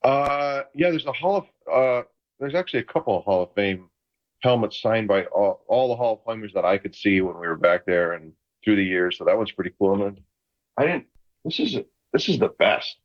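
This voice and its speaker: A man in his sixties, a retired football player calling in from a room at home, telling lively stories in casual chat. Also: on the low side, fairly quick, lo-fi sound. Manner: animated, enthusiastic anecdotes. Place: home room full of memorabilia.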